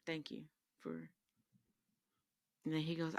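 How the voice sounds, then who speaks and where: A woman's voice: low voice, measured pace, gravelly, no echo, clean studio sound. A woman podcast host telling sassy, rambling comedic stories in a casual monologue. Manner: animated, rambling, sassy storytelling.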